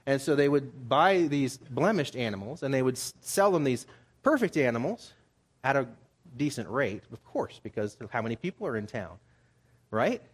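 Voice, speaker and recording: A man's voice: medium pitch, very animated, moderate pace, husky. A man preaching a Bible study sermon in a conversational way, acting out the people he quotes with rising emphasis. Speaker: pastor.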